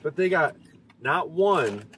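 A man's voice: a little high, expressive, slow pace, a bit bright. A man in his thirties, a dad hosting a casual family vlog from a car, chatty and upbeat. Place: inside a car at drive-thrus. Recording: slightly distant camera mic, faint car noise.

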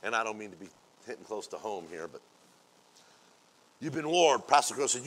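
A man preaching as a pastor, acting out everyday scenes in playful quoted voices and building from quiet asides to loud, drawn-out exclamations. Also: medium pitch, lively intonation. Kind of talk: sermon.

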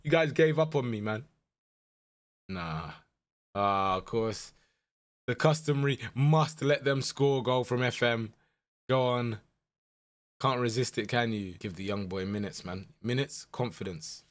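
A young man talks through a football management game live. He speaks at an unhurried pace and moves between low, anxious muttering and loud, excited outbursts. His pitch sits in an everyday middle range. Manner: animated, swings from muttered dread to shouting excitement. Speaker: gaming YouTuber. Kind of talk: live gameplay commentary.

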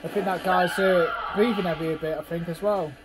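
Over fight footage, a man gives casual, chatty reaction commentary, constantly urging the viewer to look. His voice is high and steady, delivered briskly. The recording is rough.

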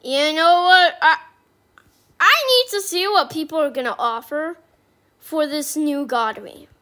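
High, bright-voiced gaming commentator, woman. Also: a little slow. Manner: excitable, squealing with joy. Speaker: gaming YouTuber. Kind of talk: gameplay commentary.

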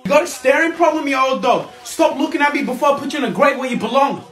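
A man's voice: extremely high pitch, fast talker, echoey room, over music. A young man with an Australian accent, playing a taunting, slangy tough in a comedy sketch.

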